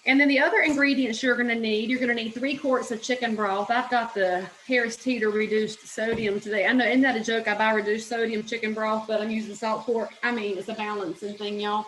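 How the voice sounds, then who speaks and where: Southern woman, cooking host, higher voice, folksy chat, roomy kitchen echo, faint hum. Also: steady tone, fairly quick, hardly any pauses, fairly bright tone. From American South. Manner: chatty, folksy and opinionated, says "y'all". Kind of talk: casual cooking demonstration. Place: home kitchen.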